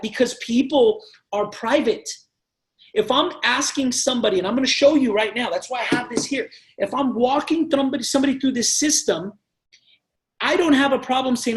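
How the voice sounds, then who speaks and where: A man leading a sales team training, talking passionately and emphatically and acting out sales conversations. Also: very high voice. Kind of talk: energetic sales training talk.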